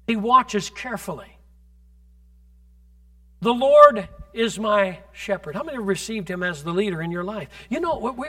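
Male preacher, high bright voice, fervent sermon style that pushes into shouting and calls out to the room. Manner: builds from conversational to fervent shouting; calls on the congregation directly.

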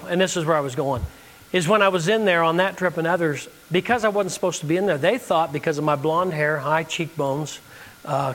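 A man's voice: on the high side, fairly bright tone, big-room sound. A man preaching a sermon from the United States, telling a story and acting out the dialogue.

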